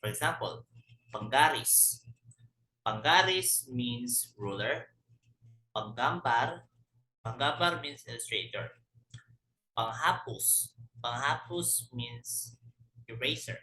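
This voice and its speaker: A man walks through a vocabulary lesson at an unhurried pace, often stopping to correct himself. His voice has a bright, forward edge, and the room around him rings with a noticeable echo. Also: medium pitch, animated. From Philippines. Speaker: language teacher. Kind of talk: slow explanatory lesson.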